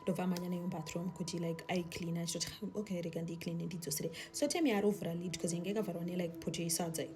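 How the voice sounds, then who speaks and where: A woman's voice: on the low side, flat delivery, rapid-fire, hardly any pauses, background noise. A young woman with a Zimbabwean accent telling a story in a casual chat, mixing Shona with English and dropping to a whisper for suspense.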